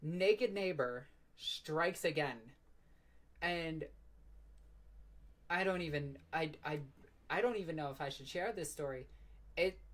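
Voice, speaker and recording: A woman's voice: sits low, slow, pauses often. A woman hosting her own live stream in casual, rambling chat, self-mocking and swearing freely. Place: at home by her computer.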